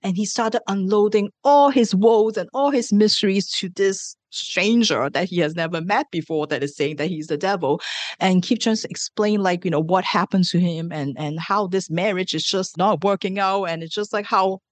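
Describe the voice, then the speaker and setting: A woman's voice: medium pitch, moderate pace, no echo. A woman casually retelling a novel's plot as a book reviewer, chatty and full of "like". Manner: chatty, many fillers of "like".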